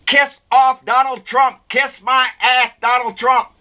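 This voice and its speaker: A man's voice: extremely high pitch, level tone, takes it slowly, bright, forceful tone. A man with a Texan accent delivering a blunt, folksy political rant full of cussing and indignation. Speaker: political vlogger.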